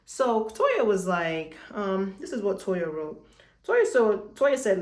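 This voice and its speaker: A woman's voice: medium pitch, slow pace, echoey room. A woman recapping a reality show in casual chat, swearing freely and acting out the dialogue. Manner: animated, swears freely, retells scenes with dialogue. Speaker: recap host.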